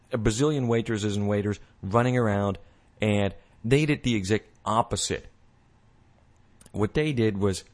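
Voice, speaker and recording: A man hosting a show, talking in a rambling casual monologue with many restarts and mocking little voices. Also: lowish voice. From United States. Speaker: podcast host.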